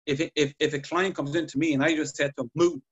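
A man chatting on a podcast, telling patient stories with lively acted-out dialogue. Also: fairly high pitch, fast, husky, lo-fi sound. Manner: animated storytelling, acts out patient dialogue. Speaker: podcast guest clinician. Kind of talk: casual podcast chat.

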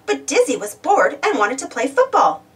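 Lively woman reading a kids' storybook. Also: high voice, moderate pace, recorded from a distance. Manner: expressive, animated. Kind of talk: children's storybook read-aloud.

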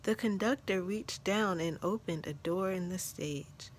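A woman reading a children's story aloud in a gentle, measured storytelling manner. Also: lowish voice, slight background noise. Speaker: storybook narrator.

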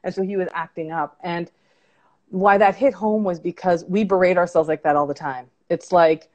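An earnest woman with a somewhat low voice speaks as a life coach guest. She talks in a reflective, storytelling way, building her points through personal anecdotes. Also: steady tone, normal speed, darkish tone. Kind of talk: conversational interview.

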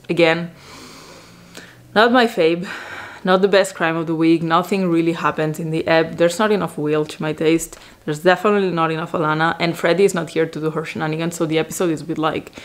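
Lower-pitched woman, rambling chatty vlogger. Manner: rambling, excitable, heavy use of "like" fillers. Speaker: vlogger recapping a TV series. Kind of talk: casual chatty recap.

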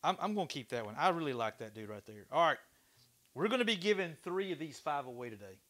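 A high-pitched man with a bright, forceful voice hosts a casual livestream from his workshop. He talks to his viewers in an excitable, chatty way and swears freely. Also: fast talker. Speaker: livestream host. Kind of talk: casual livestream chat while woodturning.

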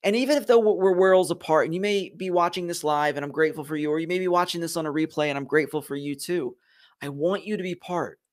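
Earnest man from Philadelphia, fairly high voice. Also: quick pace. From Philadelphia, USA. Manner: earnest, emphatic, talks straight to viewers. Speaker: host of a leadership live stream. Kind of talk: motivational live-stream talk.

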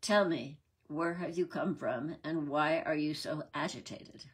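A serene elder male god in a storybook myth, speaking languidly and patiently, put on by a woman reader. Low, slow and softly husky. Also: exaggerated voice. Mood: calm. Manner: calm, languid.

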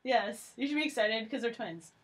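A young woman chatting casually in a vlog, excitable and full of "like". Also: a little high, moderate pace, breathy edge. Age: young adult. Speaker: vlogger.

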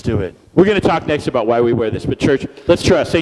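A man speaking as a guest at a church service, energetic and playful, leading the crowd in call-and-response chants. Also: mid-range voice, fast, hardly any pauses. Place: church hall. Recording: long reverb of a church hall.

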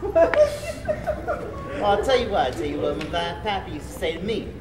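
A woman's voice: lowish voice, lively intonation, moderate pace, noisy background, lightly acted. A woman playing a blustering old father in an improv skit, drawling and rambling. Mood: scolding. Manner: rambling, drawled, breaks character. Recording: echoey hall with crowd.

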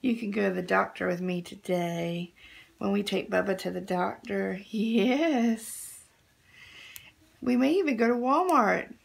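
A woman's voice: medium pitch, unhurried, vocal fry. A young woman talking baby talk to a doll, doting and sing-song, repeating words over and over. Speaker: vlogger playing with a baby doll.

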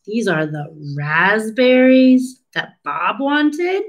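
A woman reading a picture book aloud to young children, asking them questions and pausing for their answers. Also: mid-range voice, big pitch swings, rough recording. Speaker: speech therapist reading a storybook. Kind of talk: read-aloud storytime lesson for children.

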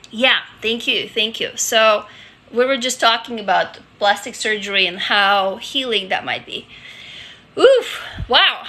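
Bright, high-voiced woman. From Russia. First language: Russian. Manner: candid, chatty, frequent restarts and swearing. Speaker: livestreamer. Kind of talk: casual live-stream chat reading viewer comments. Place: home office, sitting on a couch. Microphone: handheld phone.

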